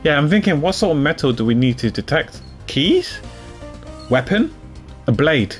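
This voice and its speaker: A man's voice: fairly high pitch, sing-song, normal speed, soft background music. Chatty man streaming a game. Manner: chatty, laughs easily, thinks aloud. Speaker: gaming streamer. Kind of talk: casual gameplay commentary.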